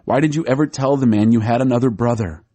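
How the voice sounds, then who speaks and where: A man's voice: medium pitch, fast, dark tone, close to an everyday voice. A man reading as a grieving old father. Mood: sorrowful. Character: grieving aged father, weary and stubborn.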